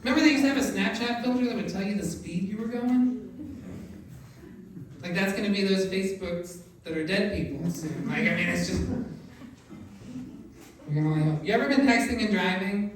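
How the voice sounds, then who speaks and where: A middle-aged male stand-up comedian performs a set on a comedy club stage, rambling through filler words and erupting in sudden loud bursts. His high voice is often mistaken for a woman's on the phone, and he talks a little fast with frequent pauses. The distant mic picks up an echoey, noisy club.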